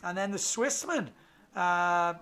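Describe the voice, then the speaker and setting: A man's voice: high voice, slow pace. Chatty man commentating a race. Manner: relaxed, chatty, reads out results with fillers. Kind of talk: live sports commentary.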